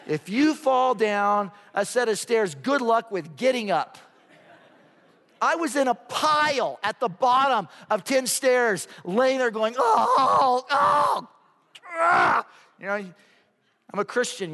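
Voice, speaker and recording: A man preaching a sermon as a pastor, telling a story with lively asides. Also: high-pitched. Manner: storytelling, animated, acts out voices. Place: church sanctuary. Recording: hall reverb.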